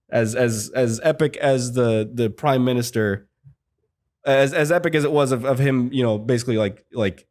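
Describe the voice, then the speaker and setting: A man hosting a casual film podcast, talking in a rambling way with lots of fillers and restarts. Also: medium pitch. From United States. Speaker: podcast host.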